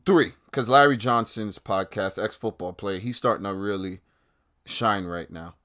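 A man's voice: fairly low pitch, a little slow, fairly bright tone. A man hosting his own podcast, ranting in a heated, profane and sarcastic way. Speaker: podcast host. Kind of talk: casual ranting commentary.

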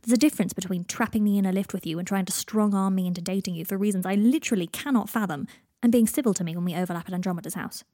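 A woman's voice: mid-range voice, very fast, mellow, no room sound, studio quality, natural voice. A woman voicing an exasperated young man in a story reading, speaking in a weary, blunt way.

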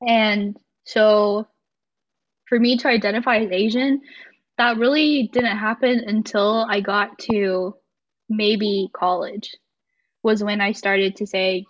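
A woman's voice: medium pitch, fairly even intonation, takes it slowly. Podcast guest, woman in her 20s, mid-range voice, easygoing reflective talker; slightly muffled audio. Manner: talkative, reflective, frequent likes and ums. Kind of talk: casual interview conversation.

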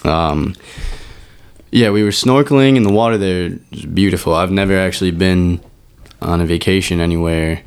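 A man's voice: sits low, moderate pace, clear, resonant tone. A man telling a story in casual chat with friends, cursing freely and acting out what people said. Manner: profane, animated storyteller acting out quotes. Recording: lively crowd noise behind.

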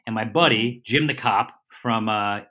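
A middle-aged man, a comedian and TV host, telling a casual, rambling story as a podcast guest and correcting himself as he goes. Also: lowish voice. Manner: lively, rambling storyteller with quick self-corrections.

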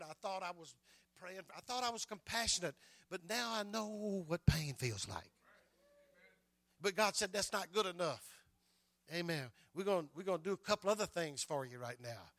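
A man's voice: high voice, a bit bright, no room sound. An older man preaching a sermon and telling his own stories, stumbling over repeated words and adding "amen" between his lines. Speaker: pastor.

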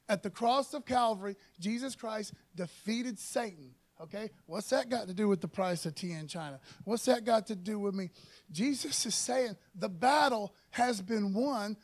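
Casting: male preacher, high voice, folksy sermon, drops "man" and "amen," reads verses slow and loud. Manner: slows down and gets louder to read scripture.

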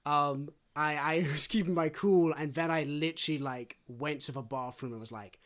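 A man of middling pitch co-hosts a relaxed book podcast. He tells stories with animation, slipping into the voices of the people in them. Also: moderate pace, few pauses. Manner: animated storyteller who acts out quoted voices. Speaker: podcast co-host. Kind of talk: casual book-club podcast chat.

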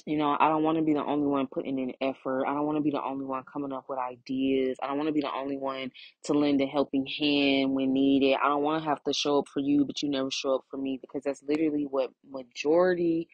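A low-pitched woman talks alone into her podcast mic, emotional and close to tears. She speaks with heartfelt emphasis and circles back over her own phrases. The sound is dry, with no room around it, and slightly muffled and lo-fi. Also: level tone, fast, no room sound. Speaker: podcast host. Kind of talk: solo podcast monologue.

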